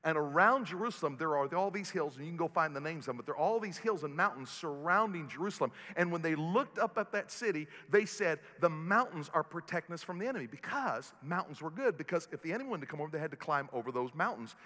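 Male pastor, high bright voice, preaching in reverberant church with faint music; surges loud then drops soft. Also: animated, fast, hardly any pauses. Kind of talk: sermon. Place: church sanctuary.

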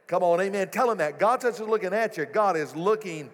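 Male pastor, lively, sermon delivery, slightly raised pitch, echoey sanctuary. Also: brisk. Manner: animated, rising to loud exclamations. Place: church sanctuary. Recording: echoey hall.

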